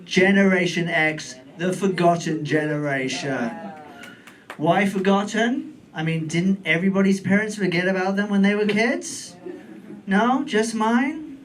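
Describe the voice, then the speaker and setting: A British man in his forties performing a stand-up comedy set on a club stage, camp and playful with deadpan asides. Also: high-pitched, measured pace. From United Kingdom. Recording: distant mic in comedy club, faint room noise.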